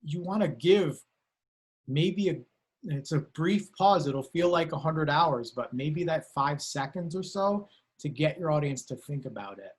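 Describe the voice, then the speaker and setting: A man's voice: a little high, expressive, unhurried. A man giving an online university lecture over a video call, talking casually with many fillers and self-corrections.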